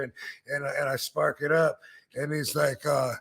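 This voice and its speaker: A man hosts a podcast and drifts through a long, casual anecdote. He wanders, restarts, and swears freely. His voice sits at an ordinary pitch for a man. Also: level tone, brisk, gravelly, a bit bright. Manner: laid-back, rambling with fillers and profanity. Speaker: podcast host. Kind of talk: casual storytelling.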